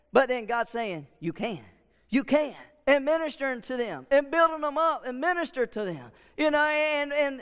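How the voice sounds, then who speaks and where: High-pitched preacher man, smooth voice, lots of rhetorical questions, echo of a church hall. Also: fairly bright tone. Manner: preaching with call-and-response questions. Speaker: pastor. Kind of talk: sermon.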